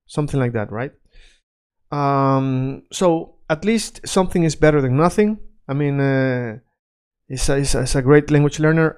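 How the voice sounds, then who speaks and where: Smooth-voiced man teaching. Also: medium pitch, a little mellow. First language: Spanish. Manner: checks in often with "right?" and "okay?"; switches between Spanish examples and English glosses. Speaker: Spanish teacher. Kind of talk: casual explainer lesson.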